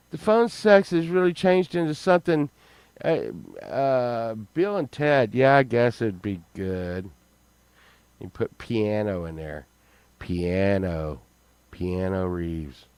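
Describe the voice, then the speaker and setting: An older man doing casual reaction commentary, loudly exclaiming and swearing, then dropping to mutters. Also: medium pitch, smooth, no echo. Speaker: host.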